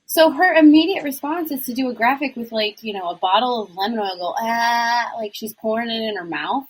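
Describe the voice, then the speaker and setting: A woman's voice: fairly high pitch, fairly quick, husky, poor audio. A woman who is a guest on a podcast, chatting casually and reacting with exclamations. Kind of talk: casual chat.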